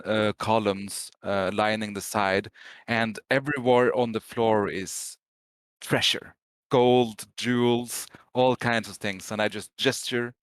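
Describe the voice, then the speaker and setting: Low-voiced guy playing d&d, calm commanding in-character talk, dry close sound. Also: smooth, no echo. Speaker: player. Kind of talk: in-character tabletop role-play.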